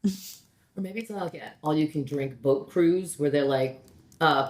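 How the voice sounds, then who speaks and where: A woman who is a comedian co-hosts a podcast, chatting casually in a blunt, rambling way and leaning heavily on "like." Her low, slightly mellow voice moves at a measured pace, and the recording sounds roomy.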